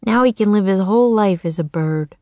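A woman voicing a thoughtful, gentle young boy in a storybook, speaking softly and reflectively. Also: mid-range voice, a little fast, no echo, lightly acted.

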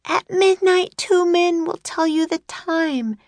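Storybook girl, young, bold, cheerful, pitched way up, dry close sound. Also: slow, dry recording. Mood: urgent. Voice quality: high, bright and excited. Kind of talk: audiobook character voice.

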